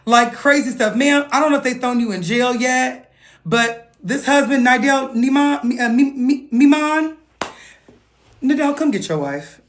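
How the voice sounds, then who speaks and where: A woman talking through a viral news story in a playful, animated gossip style, with exclamations and laughter. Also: sits high, unhurried. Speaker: vlogger. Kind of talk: casual gossip commentary.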